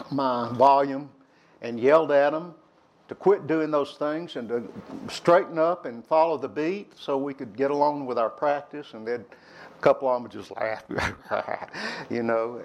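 The recording is muffled, with a bit of hiss or hum, as an older man with a mid-range voice tells young people candid stories about his life. He drifts a little in his telling and gets loud to reenact quarrels from the past.

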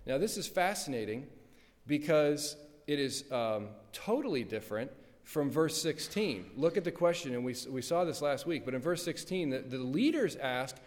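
A man's voice: a little high, animated, normal speed. Man preaching with emphatic rhetorical questions. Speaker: pastor. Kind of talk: sermon. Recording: long hall reverb.

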